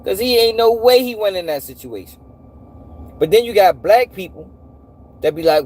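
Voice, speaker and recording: A man hosting a live stream, animated and profane, repeating himself and firing off rhetorical questions. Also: high voice, normal speed, long pauses. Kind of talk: casual commentary to a live audience.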